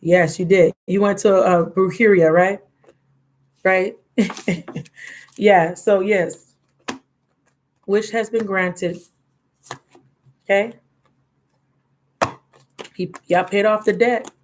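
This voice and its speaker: A woman's voice: mid-range voice, steady tone, drawn-out words, long pauses, slight background noise. A woman giving a live tarot reading, chatty and affectionate, reading card texts aloud. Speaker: tarot reader.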